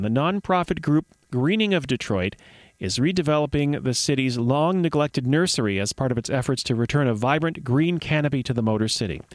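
A man's voice: medium pitch, no echo. A man presenting a radio show from a studio, chatty and wry, with joking asides between records. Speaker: radio host. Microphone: studio microphone.

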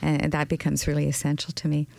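A woman's voice: low-pitched, monotone, fast talker, creaky, a little mellow, dry recording. A woman from the Canadian prairies, a poet guest, speaking reflectively and lyrically in an interview. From Canadian prairies, Saskatchewan. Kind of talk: conversational interview.

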